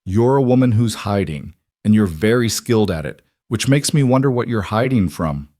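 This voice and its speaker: A man playing a calm, watchful crime boss who speaks quietly with a northern Italian accent. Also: fairly low pitch, normal speed, no echo, studio quality, natural voice. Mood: cool. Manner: quiet, calm, nearly murmured.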